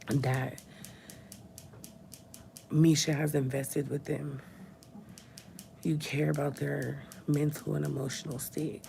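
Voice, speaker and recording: Tearful woman with a low gravelly voice. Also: steady tone, unhurried, pauses often, warm tone, slight background noise. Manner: tearful, talks through crying. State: crying. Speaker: vlogger. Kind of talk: emotional personal vlog. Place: hospital room.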